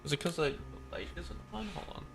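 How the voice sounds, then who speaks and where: A man's voice: a little high, fairly quick, gravelly, background noise. A young man streaming as a VTuber, chatting casually and rambling while he keeps interrupting himself. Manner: rambling, self-interrupting, easily distracted. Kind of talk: casual livestream chat while reading a game story.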